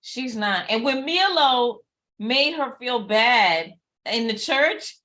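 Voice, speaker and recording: A woman's voice: on the high side, expressive, takes it slowly, sharp tone. A woman co-hosting a casual TV review chat, agreeing readily and giving blunt, emphatic opinions. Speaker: co-host reviewing a TV series.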